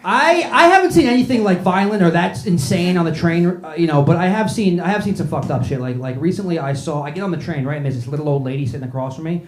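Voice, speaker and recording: A man's voice: on the high side, expressive, fast, few pauses. A man doing a profane stand-up set, riffing with the crowd in a small club. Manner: brash, profane, riffs with the crowd. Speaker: stand-up comedian. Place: small comedy club with audience. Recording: echoey club, noisy live room.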